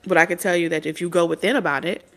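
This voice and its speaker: A woman with a gravelly, fry-laden voice gives spiritual advice in a loose, preachy monologue. She talks bluntly, swears freely and drifts into streetwise stories. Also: on the low side, fairly even intonation, fast. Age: adult mother of several children. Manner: blunt, profane, streetwise storytelling. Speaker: spirit medium and tarot reader.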